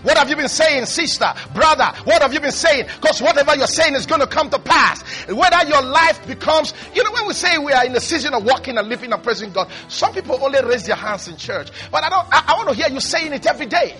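A man with a high, bright, forceful voice delivers a sermon, pressing his points with repetition and sudden loud bursts. Soft music plays faintly behind him. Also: lively intonation, fast talker, hardly any pauses. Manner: emphatic, repetitive preaching with sudden loud rises. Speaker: pastor.

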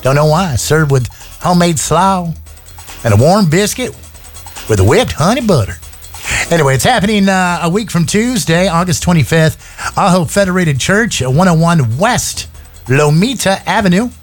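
A man's voice: high-pitched, expressive, moderate pace, faint music behind. A man hosting a radio show, chatting casually and joking with many filler words. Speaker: radio host. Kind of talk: casual on-air chat. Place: radio studio.

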